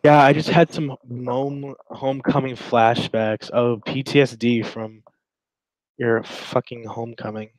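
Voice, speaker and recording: A man's voice: medium pitch, fairly even intonation, a little slow, dry recording, low-quality recording. A man co-hosting a casual podcast, rambling and crude as he reacts to chat logs, often trailing off and restarting. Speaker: podcast co-host.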